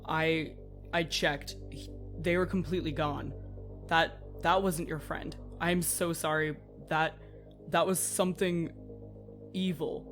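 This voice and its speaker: A woman's voice: deep voice, fairly even intonation, slow pace, faint music behind. A woman playing an earnest adventurer who consoles a friend, repeating herself apologetically. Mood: consoling.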